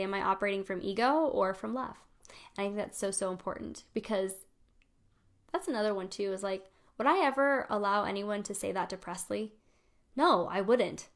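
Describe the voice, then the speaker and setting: A woman's voice: mid-range voice, a bit bright. A woman in her thirties giving a casual live card reading, affectionate and upbeat, calling her viewers sweet friends. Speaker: spiritual coach hosting weekly card pulls.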